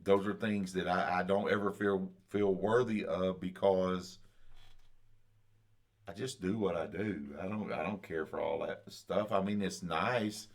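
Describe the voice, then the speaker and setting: Podcast co-host, man, very low voice, halting delivery. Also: fairly even intonation. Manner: halting, many fillers and restarts. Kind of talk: casual chat.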